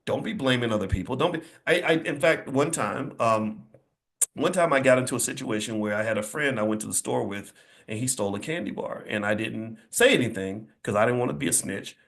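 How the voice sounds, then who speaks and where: A man's voice: medium pitch, a little fast, a bit bright. A man giving a motivational speech to a live audience, with an emphatic, preacher-like cadence, repeated phrases and blunt folksy asides.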